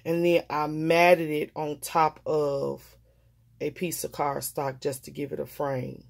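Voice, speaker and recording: A woman's voice: low-pitched, level tone, takes it slowly, gravelly. A woman vlogger showing her mixed-media craft projects in a casual, gushing, emotional, folksy way. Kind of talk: casual show-and-tell.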